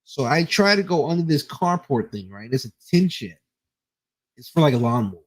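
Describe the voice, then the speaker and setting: A man's voice: fairly high pitch, big pitch swings, normal speed. Rambling, profane man telling a story. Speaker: podcast co-host. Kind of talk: casual storytelling chat.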